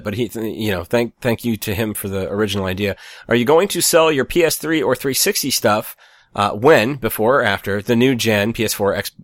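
A man's voice: fairly low pitch, dry recording. Male podcast co-host, easygoing chat, dry close-miked sound. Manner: relaxed, laughs easily, reads out show plugs.

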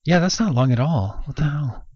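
A man's voice: fairly high pitch, lively intonation, moderate pace, a little mellow, husky, no echo, highs cut off. A man co-hosting a podcast in casual, joking chat, reading listener questions aloud. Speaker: podcast co-host.

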